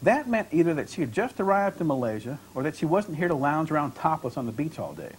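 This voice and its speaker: A man, an author and creative writing professor, reading from his novel in a measured, expressive storytelling manner. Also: on the high side, a little hiss or hum, low-quality recording. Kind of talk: literary reading.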